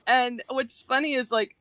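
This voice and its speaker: A woman's voice: sits high, a bit bright, no echo. A woman guest in casual chat, telling fond stories and laughing often. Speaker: podcast guest.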